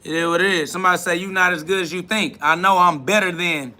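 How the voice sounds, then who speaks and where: A man's voice: sits high, steady tone, fast, bright, forceful tone. A man hosting a live stream, boasting and trash-talking in a preachy, repetitive way, answering viewers' comments.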